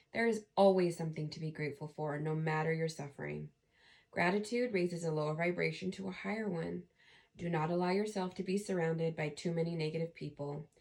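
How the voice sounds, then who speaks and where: Gravelly-voiced woman reading tarot cards. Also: fairly low pitch. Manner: chatty and earnest, reading card texts aloud. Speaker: tarot reader. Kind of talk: casual pick-a-card tarot reading.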